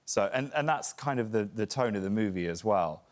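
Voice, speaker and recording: A British actor telling lively, jokey anecdotes as a guest on a TV chat show. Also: male voice, fairly low pitch, a little fast. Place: TV studio with audience.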